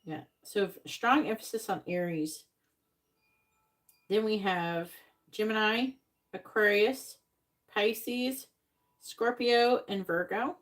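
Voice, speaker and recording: A woman with a medium-pitched voice gives a psychic reading on a live stream, slowly repeating and spelling out signs, letters and numbers for her viewers. She gets a little exasperated when correcting them. The room is echoey, and the slightly distant mic picks up faint noise.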